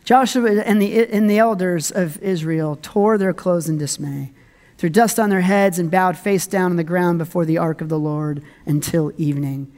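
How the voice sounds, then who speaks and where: Reading from scripture and adding humorous commentary, this pastor preaches in a conversational style full of laughter and dramatic pitch swings. His voice is slightly mellow and moves at a moderate pace.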